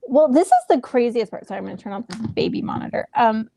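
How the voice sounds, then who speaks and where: Woman, thirties, gravelly fry in her voice, dry close sound, animated storyteller, video call from home. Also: a little high, fast talker, no echo. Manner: animated, acts out quoted exchanges. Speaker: actress guest. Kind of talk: casual interview storytelling.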